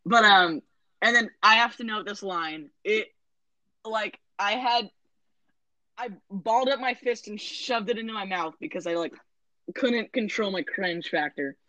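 A woman's voice: medium pitch, a little slow, sharp tone, dry recording, low-quality recording. Rambling sarcastic young woman, dry sound. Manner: rambling, self-correcting, sarcastic asides. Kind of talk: casual movie recap chat.

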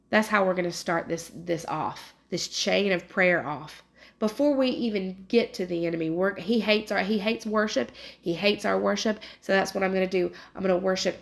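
A woman's voice: mid-range voice, creaky. A woman, reading scripture aloud and then talking earnestly and emotionally about it as a devotional prayer leader. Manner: earnest, emotional, with many restarts.

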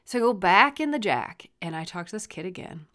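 Blunt, swearing mom telling a story. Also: female voice, mid-range voice, expressive, fairly quick, a bit bright. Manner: blunt, swears freely, rambling retelling. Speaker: podcast host and mother. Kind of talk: casual storytelling.

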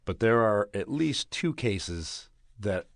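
A man in casual podcast chat, explaining in a rambling, halting way with many restarts. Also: fairly low pitch, lively intonation, dry recording, clean studio sound.

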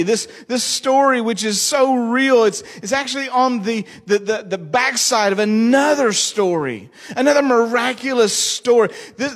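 A male pastor preaching a sermon, joking and asking the congregation questions. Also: high-pitched. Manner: jokey, asks the congregation questions.

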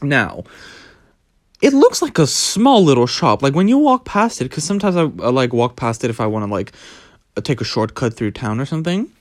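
A young man telling a story in a casual vlog, animated and dramatic, with plenty of swearing. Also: medium pitch, fairly quick, no room sound, studio quality. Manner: animated, dramatic, profane, gossipy. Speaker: vlogger.

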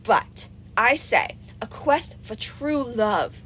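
A woman's voice: a little high, very animated, slow pace, a bit bright, slight background noise, heavily acted. A woman voicing a vain, gushing goddess of love in an audiobook reading, in a dramatic, doting manner. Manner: breathy, swooning, dramatic and doting.

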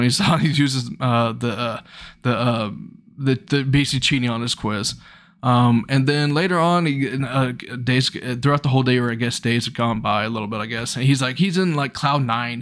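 A young man with a mid-pitched voice talks through an episode recap in an easygoing, rambling way. His delivery is loose and chatty, and his pitch leaps upward when he gets excited. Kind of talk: casual retelling of an anime episode.

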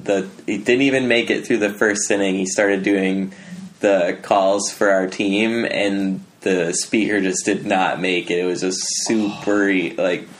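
Deep-voiced laid-back man. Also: steady tone, a little slow. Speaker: podcast guest. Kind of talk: casual chat.

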